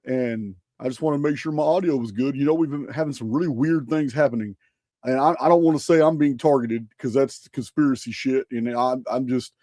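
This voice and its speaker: A man hosting a casual livestream chat, talking excitedly and often stumbling and repeating his words. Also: mid-range voice, no echo, studio quality. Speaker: livestream host.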